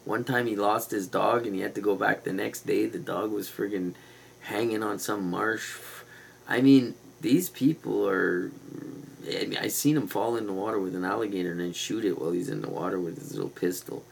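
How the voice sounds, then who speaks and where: Gravelly low-voiced man rambling on a livestream. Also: normal speed, slight background noise, poor audio. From Canada. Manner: meandering, conspiratorial, casual slang. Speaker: livestream host.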